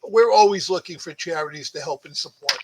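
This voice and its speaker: A man's voice: on the high side, fast talker, background noise. A man with a Boston accent, a guest artist chatting casually on a podcast about his work. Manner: chatty, storytelling, self-promoting.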